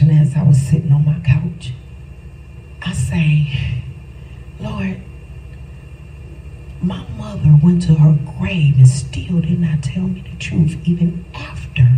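A middle-aged woman preaches a personal testimony in a slow, emphatic way that climbs into shouts. Her tone is soft and dark. She is recorded from a distance in a roomy church, with faint noise behind her. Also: low-pitched.

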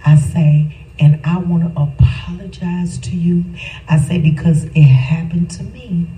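A middle-aged woman preaches a personal testimony in a slow, emphatic way that climbs into shouts. Her tone is soft and dark. She is recorded from a distance in a roomy church, with faint noise behind her. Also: on the low side, fairly even intonation.

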